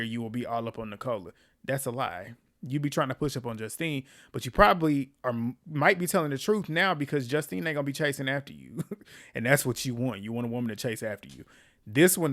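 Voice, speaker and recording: Guy doing a reality tv recap, sarcastic and opinionated, mid-pitch voice. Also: a bit bright. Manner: opinionated, sarcastic asides, laughs at the cast. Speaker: recap host. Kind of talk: casual reality show recap commentary.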